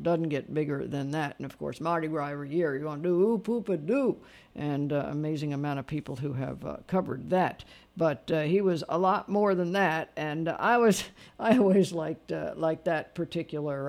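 A man hosting a late-night radio music show, chatty and quick to laugh as he talks with callers. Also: a little high, animated, gravelly. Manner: chatty, with frequent laughs and asides. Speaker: radio DJ and host. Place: radio studio.

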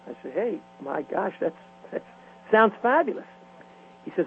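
An older man, a veteran radio disc jockey telling stories in an interview with lively, rhyming patter. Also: high voice, moderate pace, vocal fry, husky. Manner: animated rhythmic storytelling, rhyming patter. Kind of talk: storytelling interview. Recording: tinny phone line with faint hum.

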